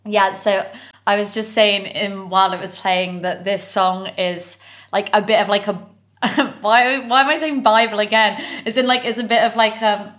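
Brief: young British woman, podcast co-host, chatty and giggly, filler-heavy, mid-pitched voice. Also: fairly even intonation, normal speed, fairly bright tone. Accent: British English. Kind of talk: casual chat.

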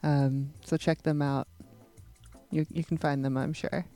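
A woman's voice: low voice, little pitch movement, measured pace, mellow. A woman co-hosting a morning radio show, chatting loosely and upbeat with a guest in the studio. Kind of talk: casual morning radio chat. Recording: studio radio with music bed.

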